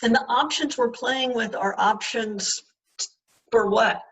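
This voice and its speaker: A woman's voice: a little high, takes it slowly, a bit bright, low-quality recording. A woman hosting the session, recapping points and asking follow-up questions. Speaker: host and moderator. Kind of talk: interview-style questioning.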